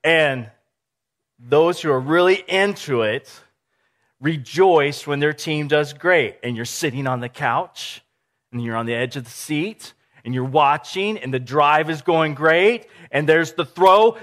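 Male pastor, sermon; slow-paced, conversational, lively storyteller. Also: on the high side. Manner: animated, conversational, acts out scenes.

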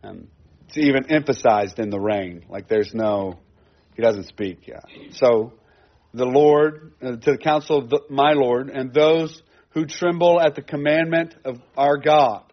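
A man's voice: medium pitch, measured pace, muffled recording. A man teaching a sermon in a conversational way, repeating phrases for emphasis. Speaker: pastor. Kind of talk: expository sermon.

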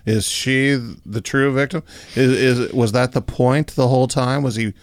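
A man's voice: medium pitch, steady tone, measured pace, dry recording. A man co-hosting a podcast, reacting to a true-crime story with playful, theatrical speculation. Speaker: podcast co-host. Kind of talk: casual podcast banter.

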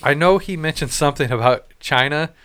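A man's voice: fairly high pitch, brisk, fairly bright tone, clean tone. A man co-hosting a casual podcast, telling rambling, profane stories with laughs. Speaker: podcast co-host. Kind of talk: casual chat, storytelling.

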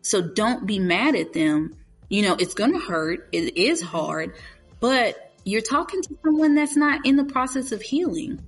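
A woman with a husky, slightly breathy voice, talking candidly in a relaxed conversation. She speaks earnestly and openly, rushing through some phrases with quick asides. Soft music plays faintly underneath. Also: mid-range voice.

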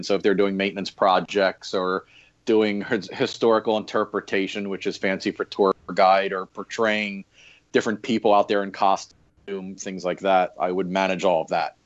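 A man guesting on a podcast, telling stories in a laid-back, casual way with frequent fillers. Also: fairly low pitch. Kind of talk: casual interview chat. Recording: dull lo-fi audio.

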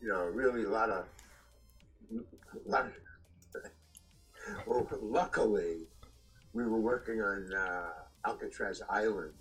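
An older man, an actor being interviewed, telling stories in a halting way with restarts and chuckles. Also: lowish voice, a bit bright, breathy edge, soft background music, poor audio. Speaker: actor guest. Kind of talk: anecdotal storytelling.

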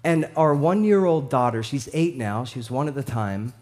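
With a medium-pitched voice and an unhurried but steady pace, this man in his thirties preaches as a pastor. He tells stories animatedly, dropping to a hush, rising to loud bursts, and laughing along the way.

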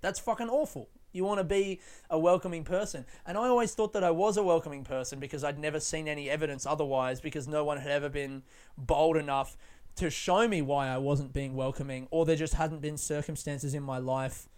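A man's voice: a little high, fairly quick, a little mellow, smooth. A young adult man, a comedian, talking frankly in a casual monologue, swearing freely and rambling with restarts. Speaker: stand-up comedian.

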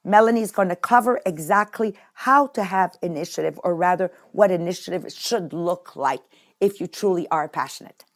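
A woman with a French Canadian accent hosting a motivational podcast, talking in an animated, emphatic way and repeating words for effect. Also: fairly low pitch, moderate pace. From Quebec. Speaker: podcast host. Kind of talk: casual motivational talk.

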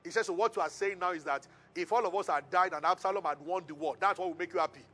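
A man preaching a sermon as pastor, retelling a Bible story with lively call-and-response to the congregation. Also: high voice, quick pace.

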